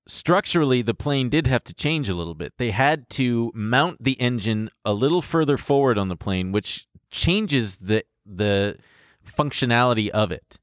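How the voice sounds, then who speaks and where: A man's voice: mid-range voice, no room sound. Male podcast co-host, casual, swears freely, dry close sound. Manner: explains at length with profane asides. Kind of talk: casual chat.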